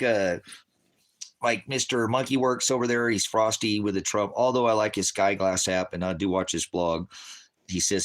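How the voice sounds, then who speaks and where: A man's voice: on the low side, fairly even intonation, moderate pace. A man hosting a livestream who argues with his chat in a combative, swearing, dismissive way. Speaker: livestream host of a ministry channel. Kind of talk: profane livestream rant answering chat.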